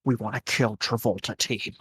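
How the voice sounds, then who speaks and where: A man voicing a grim, subdued gang enforcer in a tabletop game, speaking low and quietly. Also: fairly even intonation, moderate pace, breathy edge, exaggerated voice.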